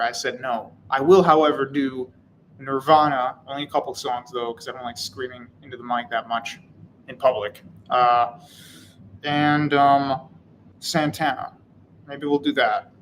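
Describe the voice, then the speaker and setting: A man's voice: mid-range voice, a little slow, a bit bright, a little hiss or hum, poor audio. Casual, wry man streaming live. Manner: casual, wry, rambling with fillers. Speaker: channel host. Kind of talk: live-stream commentary reading chat.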